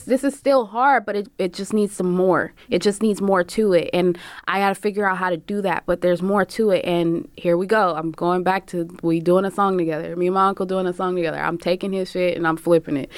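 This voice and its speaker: A woman's voice: on the low side, no echo, clean studio sound. A woman, a barber and singer, telling her own story frankly with plenty of cursing, often acting out what other people said. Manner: frank and profane, many "like" fillers, acts out quoted voices. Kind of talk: candid personal storytelling.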